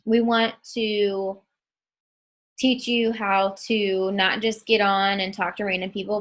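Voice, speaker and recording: A woman runs a group training call over her computer mic. She talks slowly and casually, filling pauses with ums, and her voice is bright and forceful. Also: medium pitch, rough recording. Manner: slow and chatty, many ums, addresses listeners as guys. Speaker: trainer for new webcam models.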